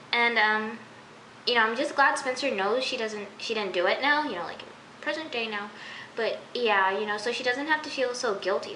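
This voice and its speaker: A woman's voice: fairly high pitch, bright, forceful tone. A young woman casually reviewing a TV episode, rambling with many fillers and incredulous asides. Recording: echoey room with faint hiss.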